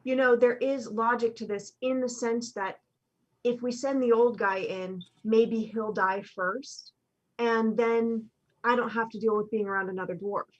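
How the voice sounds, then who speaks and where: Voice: mid-range voice, fairly even intonation, unhurried, lo-fi sound. A player in a comedic tabletop game, rambling and trailing off. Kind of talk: comedic tabletop role-play.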